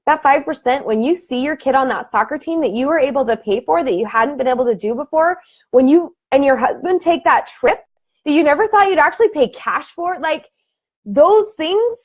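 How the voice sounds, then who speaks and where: Thirties woman coach, casual chatty delivery, frequent laughs, higher voice, webcam sound. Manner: chatty, laughs often, animated bursts. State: emotional. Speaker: fitness team coach. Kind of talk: live video team call.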